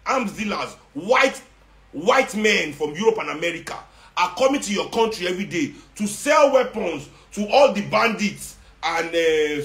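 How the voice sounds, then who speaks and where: A man's voice: sits high, gravelly, a bit bright. A man with a Nigerian accent delivering an impassioned, sarcastic monologue to his online followers. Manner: ranting, sarcastic, mixes Nigerian Pidgin. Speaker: social media commentator. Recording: echoey room.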